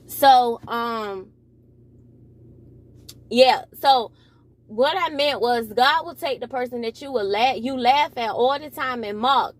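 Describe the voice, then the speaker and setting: A young adult woman, rambling and correcting herself in a preachy commentary monologue. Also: a little high. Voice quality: mild speech impediment. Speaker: commentary vlogger.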